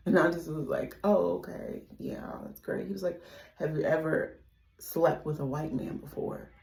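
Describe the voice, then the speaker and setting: A young woman tells a storytime in a casual, profane way. Her voice sits a little low, and she jumps between loud outbursts and quiet muttered asides. The room is echoey. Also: a little slow, gravelly. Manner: animated, profane, swings between loud exclamations and hushed asides. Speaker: storytime vlogger.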